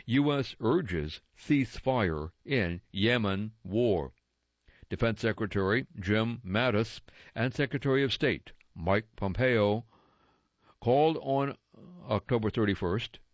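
Reading a news magazine aloud for listeners, a man goes slowly and carefully, describing the page layout and saying quote and unquote around each quotation. His pitch rises and falls widely, and the recording is dry and a little dull.

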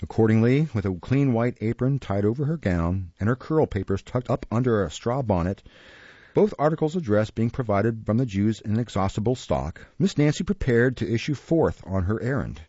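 A man reading a classic novel aloud in a measured, expressive storybook narration, recorded close and dry in a dull lo-fi recording. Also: lowish voice, slightly rough, dry recording. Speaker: audiobook narrator.

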